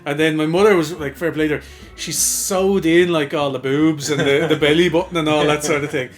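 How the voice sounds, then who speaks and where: A man co-hosting a casual podcast, telling a long story with plenty of laughter. His voice sits a bit higher than most men's. Soft guitar music runs in the background. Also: fairly even intonation, brisk. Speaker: podcast co-host.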